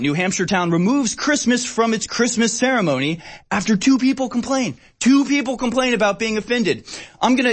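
A man delivering opinionated commentary in a sarcastic, emphatic ranting manner. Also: high-pitched. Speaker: political commentator.

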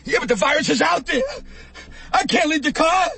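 A man's voice: extremely high pitch, moderate pace, creaky, exaggerated voice. A man doing a frantic germ-panicked New Yorker. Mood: panicky. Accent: New York. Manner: frantic, rambling, swinging between panic and self-calming. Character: panicky germ-terrified man stuck in his car. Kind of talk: comedy parody monologue.

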